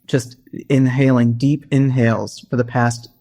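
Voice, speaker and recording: A man's voice: medium pitch, level tone, a little slow, warm tone. A man co-hosting a podcast, with a wry, theatrical manner and sarcastic rants. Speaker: podcast co-host. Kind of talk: casual chat.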